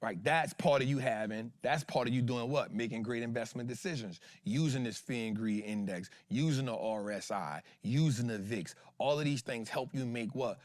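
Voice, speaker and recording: A man's voice: mid-range voice, moderate pace, few pauses, dry recording. A man hosting an investing show in casual livestream talk, slangy and emphatic, throwing rhetorical questions at his viewers.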